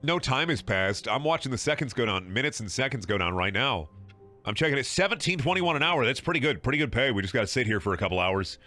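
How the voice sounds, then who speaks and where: A man's voice: medium pitch, expressive, quick pace, sharp tone, soft background music. A man streaming a video game, talking in a sarcastic, rambling, profane way with frequent laughing and repeated words. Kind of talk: casual game livestream commentary.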